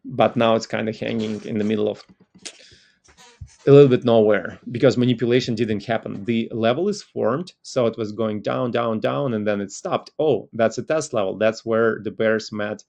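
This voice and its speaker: A man's voice: on the low side, moderate pace, creaky, darkish tone, muffled recording. A man with a Russian accent giving a loose, conversational talk on market analysis as a trading educator, full of "like" fillers.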